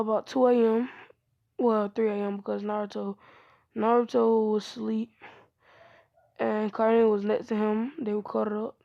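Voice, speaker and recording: A woman's voice: a little high, creaky, no room sound, dull audio. A woman improvising a fan-fiction story aloud, rambling with many fillers and restarts.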